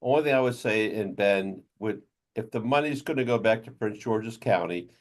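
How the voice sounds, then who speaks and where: Blunt man legislator, low voice. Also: normal speed. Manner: blunt, sarcastic. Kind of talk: committee discussion.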